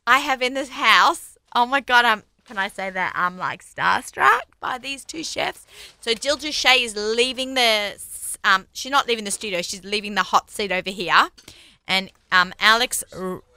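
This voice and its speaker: A woman's voice: on the high side, a little slow, bright, forceful tone, smooth, no echo. A woman hosting a radio talk show in a studio, chatty and upbeat, laughing often. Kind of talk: casual studio chat.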